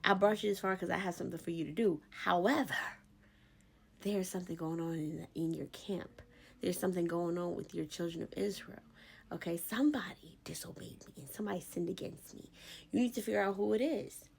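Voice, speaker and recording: A woman's voice: fairly low pitch, brisk, creaky, a little mellow, slightly rough. A woman voicing God as a stern, fatherly man who scolds a leader in blunt, everyday slang. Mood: scolding.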